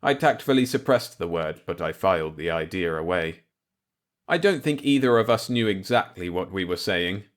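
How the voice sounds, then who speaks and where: A man reading a dark science-fiction novel aloud in the first person, measured and low-key. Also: expressive. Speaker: audiobook narrator.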